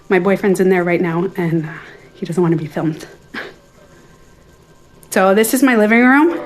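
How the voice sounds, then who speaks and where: A middle-aged woman hosting a casual live stream from her den at home, slightly out of breath, chatting to viewers and reading their comments as she goes, with soft music playing behind her. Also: mid-range voice, a little hiss or hum. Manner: chatty, self-interrupting, talks to viewers and reads their comments.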